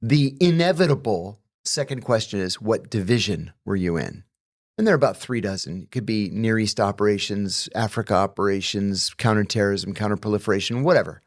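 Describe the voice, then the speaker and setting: Measured male interview guest. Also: lowish voice. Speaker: guest, former intelligence officer. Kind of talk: conversational interview anecdotes.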